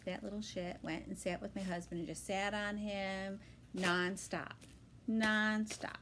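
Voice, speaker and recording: A woman chatting casually at home in her vlog, excitable and talkative, her voice jumping high when she is thrilled. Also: measured pace, noisy background. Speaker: vlogger. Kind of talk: casual chat.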